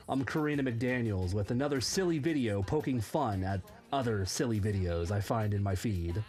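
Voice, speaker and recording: Animated, sarcastic woman reaction host. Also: extremely low pitch, normal speed, faint music behind. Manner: sarcastic, mocking, exaggerated. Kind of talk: comedic commentary.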